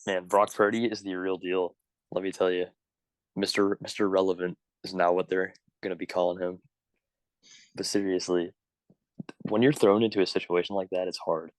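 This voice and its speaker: A man's voice: sits low, little pitch movement, moderate pace, no room sound, low-quality recording. A young man co-hosting a casual sports podcast, tossing in short, wry quips. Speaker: podcast co-host.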